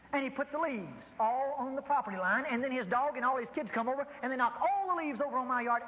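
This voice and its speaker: A man's voice: high-pitched, in a large hall, muffled recording. A man preaching a sermon to a congregation, emphatic and dramatic, acting out dialogues. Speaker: pastor. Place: large room before a congregation.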